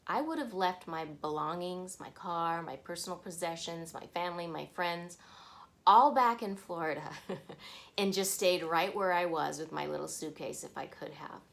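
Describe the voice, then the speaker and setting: A woman's voice: fairly low pitch, normal speed, gravelly. A woman vlogger telling a personal story to the camera, acting out the people she quotes.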